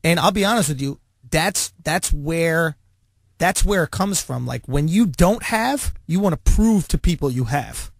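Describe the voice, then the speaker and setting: A man's voice: on the high side, expressive, gravelly, no echo. A man co-hosting a casual podcast, joking and cursing as he argues. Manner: rapid, joking, profane. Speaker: podcast co-host.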